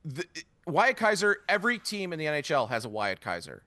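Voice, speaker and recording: Man, podcast co-host, lively ranting delivery, bright tense tone, dry close sound. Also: a little high, fairly quick, dry recording. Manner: blunt, ranting, profane. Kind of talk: casual sports podcast chat.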